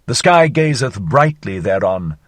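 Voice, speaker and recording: A man reading a philosophical novel aloud as an audiobook, theatrical, with sweeping swings in pitch and loudness. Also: sing-song, measured pace, no room sound. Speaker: audiobook narrator.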